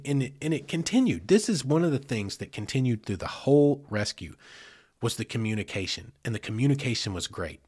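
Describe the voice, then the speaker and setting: A man tells a story on his podcast. His husky voice swoops up and down in a lively way. He talks in a folksy style and acts out people hollering back and forth. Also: mid-range voice. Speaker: podcast host, search and rescue team member.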